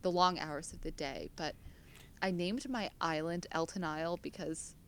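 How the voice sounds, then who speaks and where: Young American woman, low-ish voice, easygoing rambling podcast co-host, faint rumble behind. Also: moderate pace, fairly bright tone. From United States. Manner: chatty, self-deprecating, laughs often. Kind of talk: casual chat.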